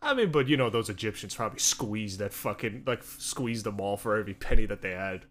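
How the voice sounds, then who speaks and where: A man's voice: on the low side, animated, a little fast, a bit bright, slight background noise. A young man co-hosting a podcast in casual chat, rambling and swearing with many fillers and restarts. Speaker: podcast co-host.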